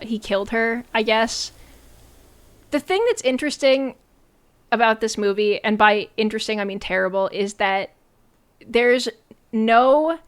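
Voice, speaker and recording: A woman's voice: on the high side, a bit bright, smooth. Chatty sarcastic woman streamer. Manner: chatty and sarcastic, many fillers and "like"s. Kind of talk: casual stream commentary.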